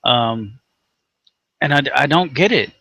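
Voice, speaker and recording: A man's voice: mid-range voice, animated, slow pace, sharp tone, no echo. A man from Tennessee with a Southern accent, co-hosting a rant show and delivering angry, sarcastic, profanity-heavy commentary. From Tennessee, USA. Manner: angry, sarcastic, heavy swearing, mocking voices.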